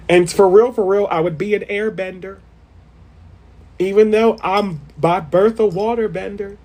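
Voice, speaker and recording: A vlogger in a casual spiritual rant, profane and excitable, swinging between shouting and murmuring. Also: medium pitch.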